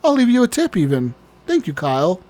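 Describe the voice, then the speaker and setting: A man's voice: high-pitched, wildly swooping pitch, fairly quick, dark tone. A relentlessly cheerful shopper, as a podcast host puts him on, brushes off every problem in a light, raised voice. He is sweet, breezy and eager to please. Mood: cheery. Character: overly polite, cheerful store shopper.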